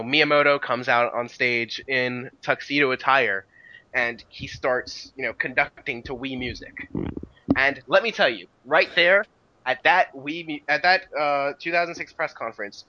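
Bright, rambling man on a lo-fi podcast. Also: mid-range voice, moderate pace. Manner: rambling, many restarts and "you know" fillers. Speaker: podcast co-host. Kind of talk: casual chat about video game history.

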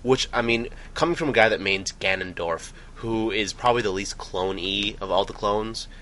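A man's voice: on the low side, normal speed, sharp tone. A man co-hosting a podcast, chatting casually and rambling with frequent restarts. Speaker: podcast co-host. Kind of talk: casual gaming chat.

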